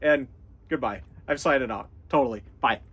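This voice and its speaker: A man's voice: mid-range voice, moderate pace, fairly bright tone, a little hiss or hum. A man in his thirties from North Dakota with an Upper Midwest American accent, rambling through a casual vlog sign-off and chuckling often. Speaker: YouTuber.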